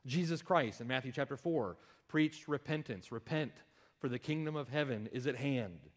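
A man preaching a sermon as pastor, reading scripture aloud with emphatic rises and pauses and directing listeners to verses. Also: medium pitch, lively intonation.

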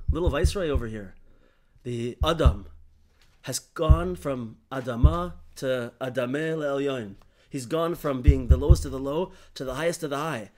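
A man's voice: medium pitch, darkish tone. A man teaching a Torah study class, explaining a story animatedly, with frequent restarts and "right?" checks.

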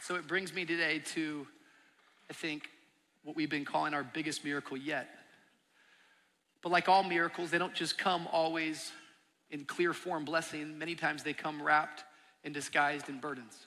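Male pastor, thirties, bright forceful voice, earnest sermon storytelling, long reverb of a big auditorium. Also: a little high, fairly even intonation, normal speed, a little hiss or hum. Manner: earnest storytelling, building to emphatic peaks. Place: large church auditorium.

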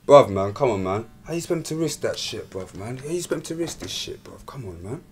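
An actor with a London accent playing a reluctant young friend who pleads for calm. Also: male voice, mid-range voice, brisk, soft background music, lightly acted. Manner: pleading, calming.

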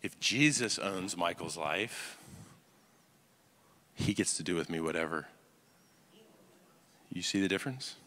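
A man preaching a sermon as pastor, talking conversationally and checking in with listeners. He swings between loud, animated stretches and hushed, quiet ones. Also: sits low, measured pace, pauses often, in a large hall. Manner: acts out quoted voices, swings from loud to hushed. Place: church sanctuary.

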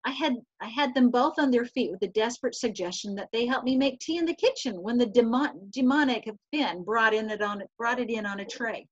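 A fairly high-voiced woman teacher reads a novel passage aloud over a video call, stumbling now and then and correcting herself. The sound is dry and somewhat dull, like lo-fi call audio. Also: fairly quick, few pauses, no echo. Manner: steady reading with small slips and restarts.

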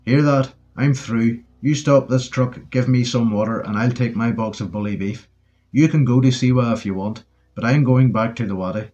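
Man doing a hot-tempered soldier, yelling. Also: lowish voice, brisk, dull audio, lightly acted. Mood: furious yelling. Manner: yells angrily, dour. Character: hot-tempered Yorkshire soldier, stubborn and loud.

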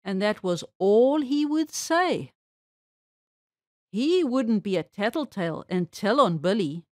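A woman reading a children's storybook aloud with expressive, animated storytelling. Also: medium pitch, slow pace, dry recording, clean studio sound.

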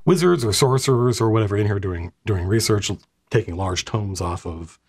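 A man's voice: on the low side, unhurried, husky. A man narrating as game master of a tabletop game, losing his voice, describing scenes in a rambling, stop-start way.

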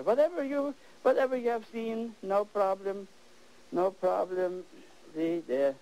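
An older man hosting a TV painting lesson, exuberant and animated, repeating words as he works, on worn 1980s videotape audio. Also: high voice, poor audio. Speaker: painting show host.

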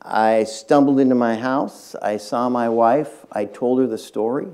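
A man's voice: mid-range voice, unhurried, a little mellow. An older man, a retired tech executive, tells a business anecdote to a university audience, speaking straight to the listeners. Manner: anecdotal, addresses the audience directly. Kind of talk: storytelling public talk. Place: university lecture hall.

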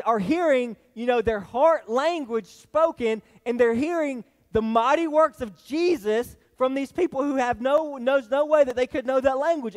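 A very high male voice fills a big church sanctuary as a pastor with a Southern US accent preaches folksily. He frequently starts phrases over and tags his lines with "all right?".

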